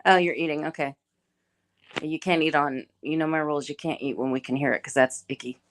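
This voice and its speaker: A woman's voice: low-pitched, steady tone, brisk. A middle-aged woman hosting a casual live chat, greeting viewers by name and chatting in a laid-back way. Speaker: livestream host.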